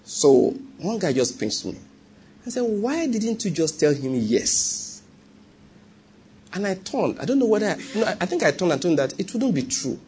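A man's voice: high voice, very animated, fairly quick, a little mellow, a little hiss or hum. A man with a Nigerian accent preaching a sermon and telling a personal story, often checking whether the congregation follows him. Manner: conversational, asks the congregation if they follow.

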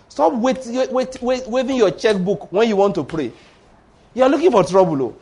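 A man's voice: high voice, big pitch swings, brisk, darkish tone, husky. A man preaching a sermon, exhorting his congregation emphatically and mixing in playful story asides. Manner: emphatic, exhorting with tag words like "oh".

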